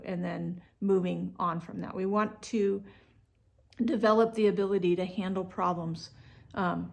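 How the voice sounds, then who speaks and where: Woman coaching parents, relaxed and chatty, some vocal fry, middle pitch. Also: normal speed. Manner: relaxed, conversational, with many fillers and restarts; acts out what parents and kids say. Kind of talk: instructional talk to parents.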